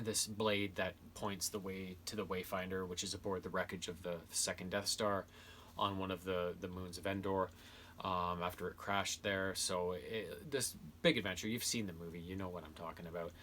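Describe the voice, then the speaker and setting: Bright-toned rambling man reviewing books. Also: sits low, slight background noise. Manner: rambling, many fillers and restarts. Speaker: video host reviewing books and games. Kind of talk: casual spoken review.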